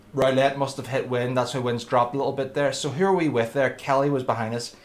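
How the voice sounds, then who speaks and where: A man's voice: mid-range voice, fairly even intonation, normal speed. A man commentating his own racing game live and chatting to viewers by name. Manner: chatty, addresses viewers by name, friendly banter. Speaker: livestreamer.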